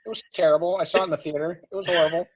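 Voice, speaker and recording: A man's voice: on the high side, steady tone, racing, slight background noise. A man appearing as a guest on a podcast, chatting casually with blunt opinions and dry humor. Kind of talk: casual chat.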